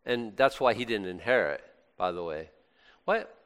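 A man preaching a sermon as a pastor, animated and conversational, full of exclamations and restarts. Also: lowish voice, moderate pace, clear, resonant tone, in a large hall.

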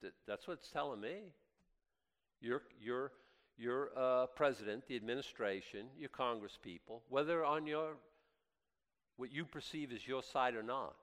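A man preaching a sermon as pastor, impassioned and swinging from loud highs to quiet asides, often stammering and restarting. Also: a little slow. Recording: long hall reverb.

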